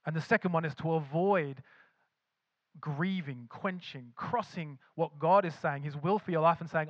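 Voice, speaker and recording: A man's voice: fairly high pitch, moderate pace, no room sound, lo-fi sound. A man preaching a sermon as pastor, emphatic, with frequent repeated restarts. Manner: acts out imagined voices of believers.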